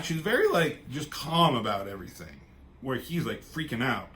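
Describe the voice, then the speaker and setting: A man's voice: mid-range voice, very animated, moderate pace, fairly bright tone. Man rambling casually through a comic review. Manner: loose, rambling, swears casually.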